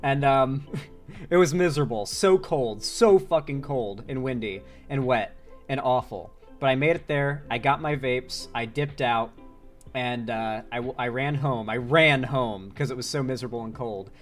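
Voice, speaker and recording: A man's voice: mid-range voice, moderate pace, faint music behind. A man from Florida chatting casually on a live stream, rambling and swearing, with a sore throat. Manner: rambling, profane, excitable. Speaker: political commentary streamer.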